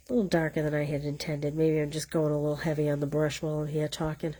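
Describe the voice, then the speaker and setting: Speaking fast and hardly pausing, a woman with a Boston accent leads a live card-stamping class, chatting and teasing herself through every step. Her deep voice is warm, though her delivery is flat.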